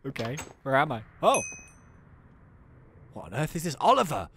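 A man hosting a game video, excitably playing and commenting, with frequent exclamations and laughs. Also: medium pitch, moderate pace, pauses often.

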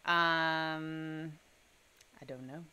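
A woman co-hosting a home shanty video, chatting in a relaxed way and trailing off with fillers. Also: deep voice, extremely slow, smooth. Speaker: co-host of a daily shanty video. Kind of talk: casual chat.

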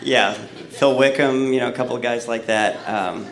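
A hoarse man preaching a story-driven sermon, rambling and correcting himself as he acts out a childhood tale. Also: medium pitch, normal speed, fairly bright tone. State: hoarse from losing his voice. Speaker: pastor. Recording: echoey church hall.

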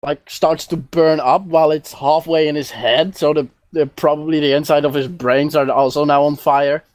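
A man's voice: a little high, steady tone, moderate pace. A man narrating a tabletop game as game master over online voice chat, casual and rambling with fillers.

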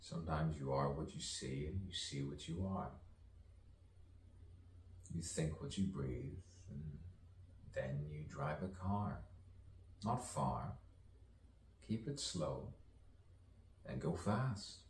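A man's voice: rumbling low, animated, slow pace, pauses often, reverberant, far from the mic, slight background noise. A man, a poet and actor, performing an improvised spoken-word soliloquy with dramatic swings between whispers and sudden outbursts.

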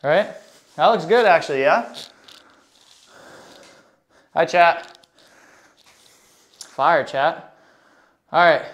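A fitness streamer, out of breath, talks to viewers while he works out live, hyped and full of slang, reading the chat aloud. His voice is on the high side and fairly bright, animated, with drawn-out words and frequent pauses.

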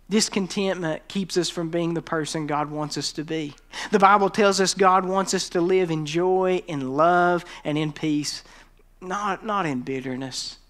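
A man preaching a sermon as pastor, who rises to loud emphatic stretches and drops to quiet, low tones when he quotes scripture.

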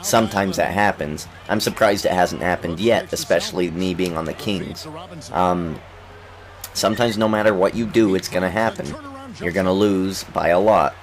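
A man's voice: deep voice, moderate pace, crowd noise. Coughing young man gaming. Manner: excitable, trash-talking the game. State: coughing, recovering from illness. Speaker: gaming YouTuber. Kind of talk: casual let's-play commentary.

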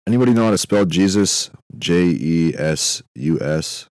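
A young man with a very deep, low voice drifts through a comedic podcast monologue, musing and doubling back on himself in a deadpan way. The sound is close and dry, with no room around it. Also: moderate pace, no echo. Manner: meandering, self-interrupting, deadpan musing with frequent fillers. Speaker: podcast host.

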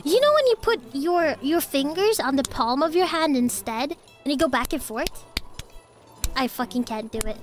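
Lively intonation marks the high-pitched voice of a woman streamer, who speaks at a normal speed. She's sick and coughing but still chats casually with viewers while gaming, giggling and swearing often over game music.

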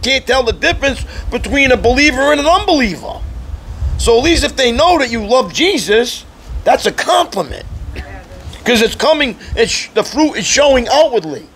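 A man preaching a sermon in a conversational, teasing way, often clearing his throat. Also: extremely high pitch, fairly bright tone, slight background noise. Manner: conversational preaching with mocking quoted voices. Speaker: pastor.

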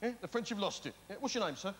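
A man's voice: sits high, lively intonation, very fast. A man doing a stand-up set, bantering with the audience and firing tag questions in a blustering manner. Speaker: stand-up comedian. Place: large theatre stage. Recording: reverberant theatre, loud crowd noise. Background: loud audience laughter.

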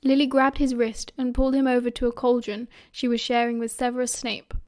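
A woman's voice: a little high, little pitch movement, brisk, darkish tone. British woman reading an audiobook. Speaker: audiobook reader. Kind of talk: audiobook narration.

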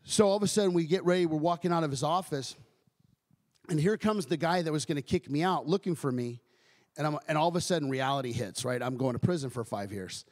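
Man giving an animated church testimony. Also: fairly high pitch, quick pace, long reverb tail. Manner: animated storytelling, acting out quoted voices, frequent restarts. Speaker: guest speaker, ministry director.

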